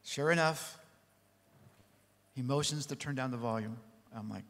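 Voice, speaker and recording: A man who is a record producer telling a story on a panel, animated and full of lively asides. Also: medium pitch, unhurried. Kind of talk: anecdotal panel talk. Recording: long reverb in a large hall.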